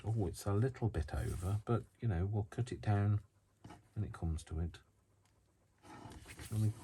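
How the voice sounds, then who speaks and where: A man's voice: sits low, unhurried, long pauses. A man hosting a crafting tutorial, chatting in a rambling way full of self-mocking asides. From United Kingdom. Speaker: crafting channel host. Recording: loud noise from a faulty microphone.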